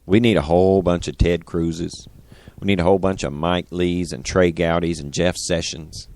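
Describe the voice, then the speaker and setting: A man hosting a political talk radio show, talking in an animated, indignant and sarcastic way into a studio microphone. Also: low voice, normal speed.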